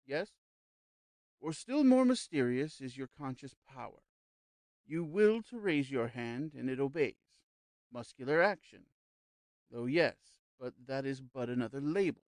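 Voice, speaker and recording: A smooth-talking spirit medium, read by a man, calm and persuasive, with a slow, reassuring delivery. The voice sits in a mid register, and the recording is close and dry. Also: mid-range voice, no echo. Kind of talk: audiobook character reading.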